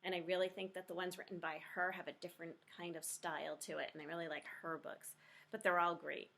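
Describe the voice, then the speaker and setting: A middle-aged woman reading a children's chapter book aloud in a lively, expressive way. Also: fairly low pitch, quick pace, vocal fry. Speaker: storybook reader.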